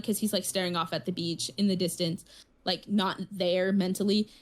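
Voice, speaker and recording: A woman's voice: medium pitch, steady tone, normal speed, a bit bright. Rambling, chatty woman podcast co-host. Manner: rambling storytelling with many fillers. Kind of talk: casual chat.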